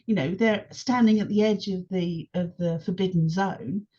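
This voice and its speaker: A woman talks as a guest on a podcast, her voice husky and on the low side. She chats casually and with energy, walking through scenes she remembers. The recording sounds a little dull and lo-fi. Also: moderate pace. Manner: engaged, animated retelling of scenes. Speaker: podcast guest, longtime fan. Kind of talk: casual chat.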